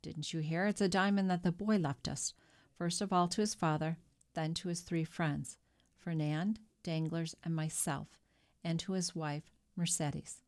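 A woman's voice: low-pitched, steady tone, measured pace, darkish tone. Woman reading as a greedy wavering innkeeper. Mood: wary. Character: greedy anxious male innkeeper, middle-aged.

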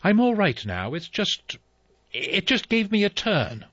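A man's voice: high voice, big pitch swings, unhurried, a bit bright, no room sound, pitched above the performer's own voice, full character voice. A man voicing a shaken, faint housekeeper woman. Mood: recovering. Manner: breathless, shaken. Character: frightened middle-aged housekeeper woman, faint. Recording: slightly dull dry recording.

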